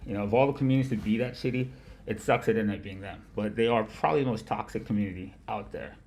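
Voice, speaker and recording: A man hosting a casual livestream about markets, with a nasal voice, rambling, swearing often and laughing loudly. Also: on the low side, quick pace. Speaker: livestream host of a market analysis show. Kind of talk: casual profane chat.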